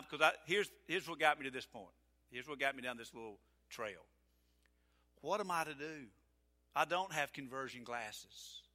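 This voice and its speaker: A man's voice: on the high side, sharp tone, long reverb tail. A man preaching a sermon as pastor in a church, telling stories in a conversational way with frequent restarts. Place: church sanctuary.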